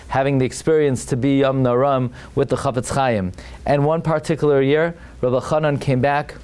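A man's voice: medium pitch, a little mellow, clear, resonant tone. A man teaching a Torah class as a rabbi, telling the story dramatically and with emphasis, full of restarts and Hebrew terms. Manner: sprinkles Hebrew and Yiddish terms.

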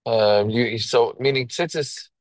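A man of middle pitch teaches through a text, each phrase with a lilt and then glossing it in English. He talks in short phrases and often restarts them. The sound is dry and close, with no room around it. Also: unhurried, no room sound, low-quality recording. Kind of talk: reading and translating a Hebrew text line by line.

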